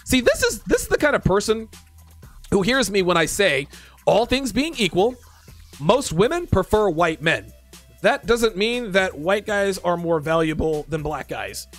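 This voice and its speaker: A man's voice: high voice, big pitch swings, unhurried, faint music behind. A man hosting a dating commentary show, ranting in exasperation at viewer comments with profane sarcasm.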